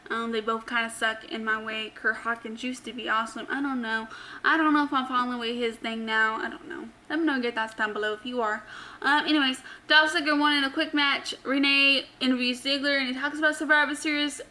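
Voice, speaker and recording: A woman's voice: sits high, fairly even intonation, a little fast, bright, forceful tone, low-quality recording. A woman casually recapping a wrestling episode for her channel, chatty, with many ums and offhand opinions. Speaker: wrestling show recap host.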